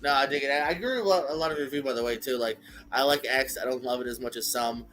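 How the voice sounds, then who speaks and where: A man's voice: medium pitch, racing, a bit bright, soft background music. A man co-hosting a live show, chatting casually and agreeably about movie ratings. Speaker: podcast co-host. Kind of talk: casual live-stream chat.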